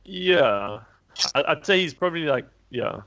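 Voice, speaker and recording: A man's voice: a little high, expressive, a little slow, bright, forceful tone. A man hosting a casual chat, rambling with many fillers and restarts. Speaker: podcast host previewing rugby. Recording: dull lo-fi recording.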